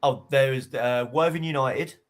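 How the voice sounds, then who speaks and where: A man co-hosting a casual football podcast, chatty and quick to laugh as he tells stories. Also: medium pitch. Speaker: podcast co-host.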